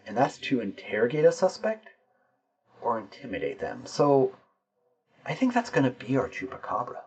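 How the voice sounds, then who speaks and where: A man's voice: medium pitch, big pitch swings, a little slow, a little mellow, breathy edge, highs cut off. A man playing a tabletop game solo, narrating the scene and explaining his dice rolls and rules as he goes.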